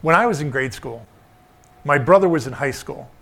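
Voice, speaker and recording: A man's voice: medium pitch, animated, moderate pace, creaky, a bit bright. A middle-aged man preaching a sermon, telling a childhood story and repeating short emphatic refrains.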